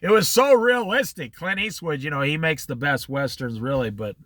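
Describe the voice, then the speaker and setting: A middle-aged man teaching an informal Bible study, telling stories with lively quoted voices. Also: a little high, moderate pace, no room sound. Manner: animated storytelling with quoted voices.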